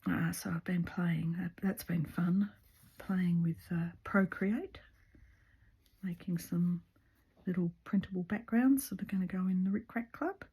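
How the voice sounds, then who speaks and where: A chatty woman, talking casually while she sews at home. Her voice sits a little low and has a husky edge, and she rambles along with plenty of ums and restarts. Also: a little slow, dark tone. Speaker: craft video maker. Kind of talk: casual chat while stitching.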